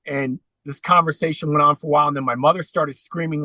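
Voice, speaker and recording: A man's voice: on the high side, fairly even intonation, fast talker, few pauses, sharp tone, no room sound, rough recording. A man telling his story at length as a podcast guest, in an earnest conversational way. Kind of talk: conversational interview.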